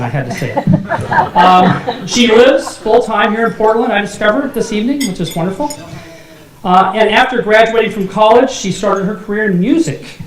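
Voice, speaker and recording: High-voiced male emcee in an echoey hall. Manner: jokey, laughs at own asides. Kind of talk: awards dinner emcee speech. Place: banquet hall. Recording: echoey hall, faint noise.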